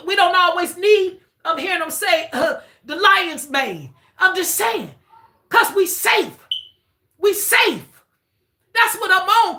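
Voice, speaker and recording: A woman giving a casual spiritual reading on a live stream, excitable and repetitive, swearing freely. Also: very high-pitched.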